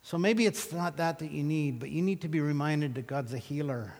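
A man preaching a sermon, telling Bible stories with animated, acted-out retellings of the scenes. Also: fairly high pitch, fairly quick, in a large hall. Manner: animated storytelling, acting out scripture scenes. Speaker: pastor.

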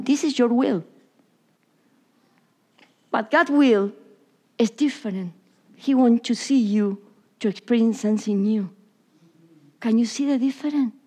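High-voiced woman preaching in English. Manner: non-native English with Spanish slips, drops to whispers. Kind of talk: sermon.

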